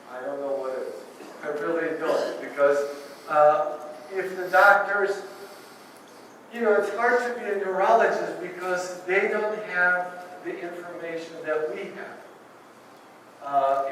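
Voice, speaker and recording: Man, Russian accent, high voice, earnest encouraging talk, echoey room. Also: fairly bright tone, a little hiss or hum. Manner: earnest, encouraging, with self-mocking humor. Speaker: ballet teacher speaking to a Parkinson's group. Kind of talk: public talk. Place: meeting room. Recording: echoey room, mic at a distance.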